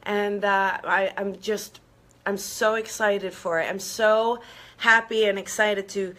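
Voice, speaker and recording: A woman's voice: mid-range voice, fairly even intonation, takes it slowly, fairly bright tone. A woman hosting a live online talk, speaking earnestly and encouragingly straight to her viewers and checking in with them again and again. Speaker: host. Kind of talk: live-streamed motivational talk.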